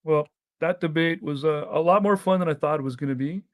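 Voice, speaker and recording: A chatty man with a Canadian accent, his voice sitting a little high for a man. He rambles casually through an online panel chat, hedging with plenty of ums and likes. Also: brisk. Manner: chatty, loose, lots of fillers and hedging.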